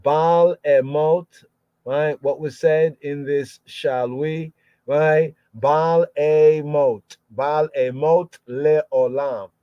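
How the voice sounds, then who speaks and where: A man's voice: fairly high pitch, steady tone, drawn-out words, smooth, no echo. A man teaching scripture verse by verse, sounding out each word and repeating phrases many times. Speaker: Bible teacher. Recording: dull lo-fi podcast audio.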